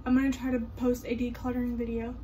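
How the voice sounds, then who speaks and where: A woman's voice: on the high side, monotone, fast talker, dark tone, slight background noise, poor audio. A young adult woman chatting casually in her daily vlog, giggly and rambling with lots of fillers, filming herself from her car and then at home. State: out of breath. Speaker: vlogger.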